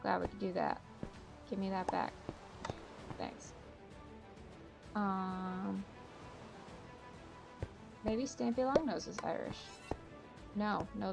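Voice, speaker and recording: A woman's voice: medium pitch, fairly even intonation, slow, creaky, long pauses. A woman hosting a gaming channel, chatting casually and thinking aloud as she plays, poking fun at her own guesses. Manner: chatty, self-mocking, thinks aloud while playing. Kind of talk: casual gameplay commentary. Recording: game music behind voice.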